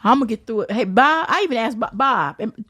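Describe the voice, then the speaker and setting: A woman's voice: a little high, animated, fast talker, fairly bright tone, slightly rough. A woman, a podcast guest, chatting casually and bluntly, telling profane stories, quoting people in their voices and laughing often. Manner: acts out others' lines in quotes. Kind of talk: casual chat.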